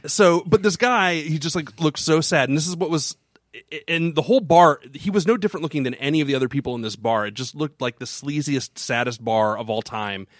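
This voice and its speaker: A man's voice: a little high, a little fast, no room sound, studio quality. A man hosting a casual podcast chat, telling a rambling story with many restarts. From Florida. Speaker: podcast co-host.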